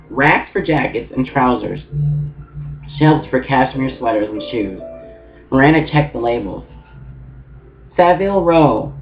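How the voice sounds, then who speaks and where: Casual male book reader; medium pitch, dull sound with guitar under. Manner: casual reading with small restarts and asides. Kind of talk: audiobook reading. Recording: muffled with guitar music.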